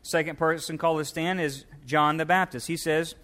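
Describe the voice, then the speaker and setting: A man preaching a sermon, emphatic, reading scripture aloud and stressing key words, shifting between quick and slow delivery. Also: a little high, steady tone, bright, forceful tone. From United States. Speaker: pastor.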